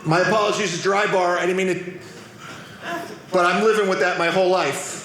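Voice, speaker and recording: A man's voice: high voice, steady tone, a little fast, a bit bright. A man doing a stand-up comedy set on a club stage, telling punchy, self-deprecating stories. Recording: echoey club with audience noise.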